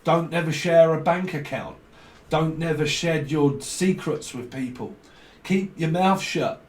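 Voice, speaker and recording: Captured on a distant mic in a roomy space, this tarot reader from near London gives a meandering reading full of free association, curses and chuckles. His voice is a little high and unhurried.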